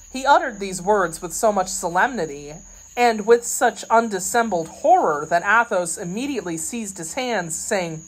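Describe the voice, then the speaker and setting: A woman reading a classic novel aloud as an audiobook narrator, in steady, even storytelling. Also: mid-range voice, moderate pace, poor audio. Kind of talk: scripted narration.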